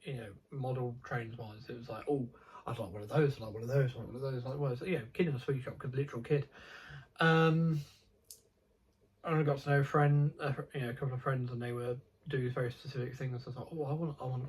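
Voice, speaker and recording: A man's voice: mid-range voice, a little mellow, slightly rough, low-quality recording. A young man chatting casually about his model railway hobby, rambling and digressive with many ums and restarts.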